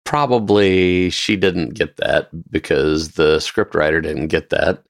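Brief: male co-host, very deep and gravelly, dry teasing banter. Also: slow, no room sound. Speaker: podcast co-host. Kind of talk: casual film discussion.

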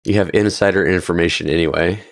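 A man's voice: low-pitched, quick pace, creaky, no echo. A man co-hosting a podcast in casual film talk, adding dry, teasing asides. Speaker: podcast co-host.

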